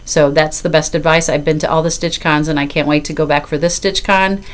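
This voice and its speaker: Brief: fifties woman, slightly low voice, chatty hobby vlogger, loose and apologetic. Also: steady tone, a little fast. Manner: rambling and apologetic, with filler. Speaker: cross-stitch vlogger. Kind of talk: casual chat to camera.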